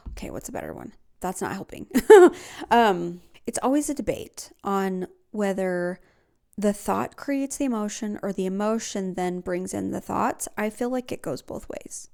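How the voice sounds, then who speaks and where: A woman's voice: mid-range voice, lively intonation, normal speed, gravelly, warm tone. A woman hosting a podcast, talking earnestly in a casual self-help style and laughing often. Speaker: podcast host.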